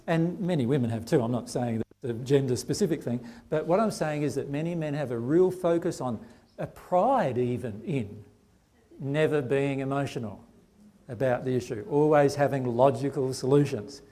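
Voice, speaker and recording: Mellow-voiced man teaching a seminar. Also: mid-range voice, animated, normal speed. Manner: earnest, keeps checking in with "right?". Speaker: spiritual teacher. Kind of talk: seminar talk to a live audience.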